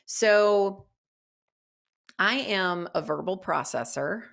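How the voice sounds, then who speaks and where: A middle-aged woman, a guest author, chatting in an interview, lively and thinking out loud with many fillers and restarts. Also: mid-range voice, takes it slowly, vocal fry. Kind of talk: casual interview chat.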